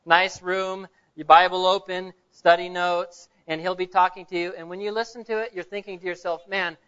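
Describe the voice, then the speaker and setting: A male pastor delivering a sermon in a church. He tells stories and puts rhetorical questions to the congregation in a high, bright, smooth voice. The recording is dull and lo-fi. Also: little pitch movement, moderate pace.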